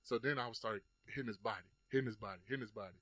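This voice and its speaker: A man's voice: fairly low pitch, racing, no room sound. A man hosting a casual chat, telling a sparring story with heavy swearing and acted-out lines. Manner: animated storytelling, acts out his own past lines, swears often. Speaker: host.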